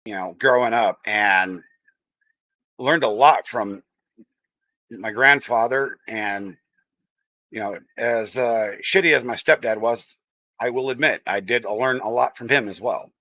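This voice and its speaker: Speaking unhurriedly with long pauses, this man has a mid-range, sharp-toned voice in a dry recording. He hosts a casual livestream in a Texan-tinged American accent, reading the chat and teasing his viewers.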